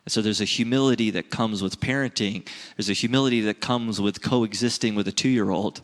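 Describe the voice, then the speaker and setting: A man's voice: fairly low pitch, a little fast, long reverb tail. A man in his thirties preaching a sermon in an earnest, conversational way, often checking in with "right?". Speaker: pastor.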